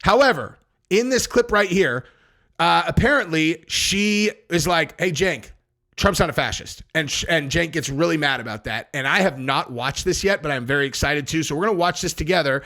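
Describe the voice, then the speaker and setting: A man doing casual reaction commentary on video clips, talking fast and jumping in excitedly. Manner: animated, interrupts excitedly, voice jumps high when worked up.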